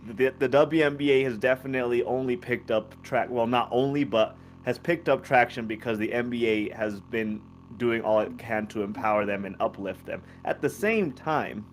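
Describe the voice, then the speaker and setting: A man co-hosting a sports podcast, arguing his view in a measured, hesitant way. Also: mid-range voice, a little hiss or hum. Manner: measured, hesitant, reasoning aloud. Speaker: podcast co-host. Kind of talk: casual sports debate.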